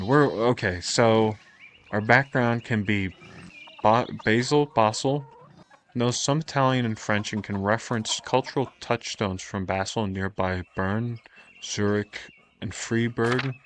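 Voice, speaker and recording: Guy streaming a game, rambly and self-mocking, pretty low voice, faint hiss on the mic. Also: a little slow. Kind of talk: casual let's-play commentary.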